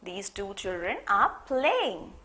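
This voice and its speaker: Slow, lively woman teaching phonics. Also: medium pitch. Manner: slow, lively storytelling with sound demonstrations.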